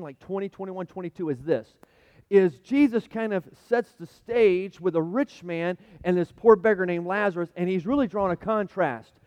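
A man preaching a sermon as pastor, reading scripture and swinging between loud emphasis and hushed asides. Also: sits high, dry recording.

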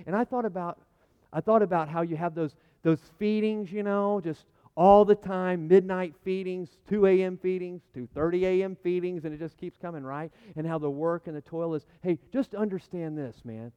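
A man in his thirties preaching a sermon in a conversational, animated way, often repeating his words. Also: sits high, normal speed, smooth. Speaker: pastor. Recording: muffled lo-fi sound.

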